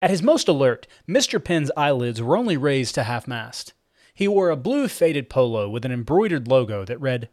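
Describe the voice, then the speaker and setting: A man narrating a comic fiction audiobook in an expressive storytelling manner. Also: medium pitch, moderate pace, no room sound, studio quality.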